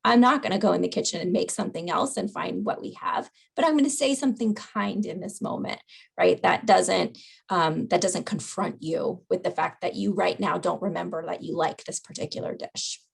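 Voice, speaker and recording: A woman's voice: on the low side, moderate pace, creaky, husky. A woman presenting a webinar on dementia caregiving, talking conversationally and often checking in with "right?" over a video call. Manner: conversational, asks "right?" after points. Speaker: dementia educator. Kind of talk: webinar lecture.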